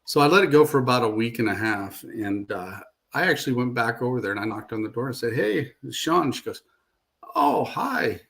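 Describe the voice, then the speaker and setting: A man's voice: mid-range voice, fast talker, gravelly, a bit bright. A man being interviewed as a paranormal investigator, telling a long story in a casual, rambling way and repeating "I said" and "she goes" often.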